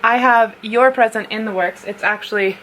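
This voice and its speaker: Unboxing a gift box in a noisy home recording, a young female vlogger from North America chats away, often laughing and squealing at anything cute. Her voice is a little high and fairly bright, at a normal speed.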